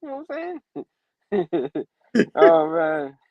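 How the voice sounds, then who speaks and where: A man's voice: fairly high pitch, sing-song, takes it slowly, no echo, phone-quality sound. A man hosting a casual comic book review show, laughing often and saying "you know what I mean" again and again. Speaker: host.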